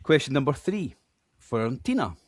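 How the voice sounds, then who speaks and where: A man's voice: medium pitch, very animated, background noise. Scottish man hosting a quiz. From Scotland. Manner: chatty, self-deprecating, reads names out slowly. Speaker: quiz host.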